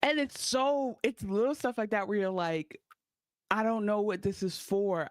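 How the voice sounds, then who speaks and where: A podcast co-host in casual recap chat, animated, cutting in with asides and quoted voices. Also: medium pitch, no echo.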